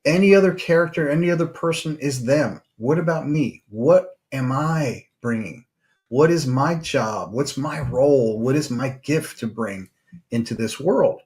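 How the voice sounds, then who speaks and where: A male psychotherapist hosts his podcast and tells a story. His voice sits at an ordinary middle pitch. He talks off the cuff, with plenty of ums, uhs and restarts as he works his way through the tale. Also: unhurried, a little mellow. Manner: loose, rambling delivery with many fillers and restarts. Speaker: podcast host. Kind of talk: storytelling monologue.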